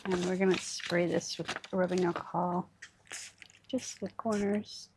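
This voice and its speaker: A woman's voice: on the low side, level tone, unhurried, a little mellow, a little hiss or hum. A woman hosting a crafting livestream, chatting casually as she works and talking herself through each step. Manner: chatty, talks to herself while working.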